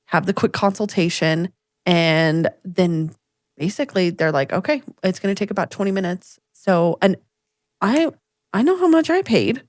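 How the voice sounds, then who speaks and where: A lively, chatty woman, a podcast co-host, tells a story in a casual storytelling chat, acting out the quoted voices as an animated storyteller. Her voice is lowish at a moderate pace, and the recording is dry with clean studio sound.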